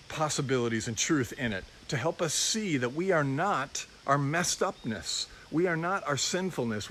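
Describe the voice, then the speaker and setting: A man's voice: mid-range voice, fairly bright tone, a little hiss or hum. A middle-aged man giving an informal, personal sermon as a pastor, reflective and confessional.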